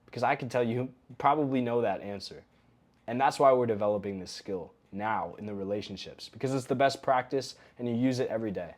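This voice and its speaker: A young adult man giving a recorded coaching lesson in a relaxed, conversational way, often acting out example phrases. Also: mid-range voice. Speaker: coaching course instructor.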